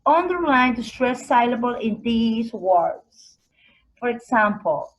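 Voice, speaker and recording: A woman leads a vocabulary lesson, saying each word twice so students can repeat it. Her voice sits a little high and her pace is slow and deliberate. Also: animated, low-quality recording. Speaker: English teacher.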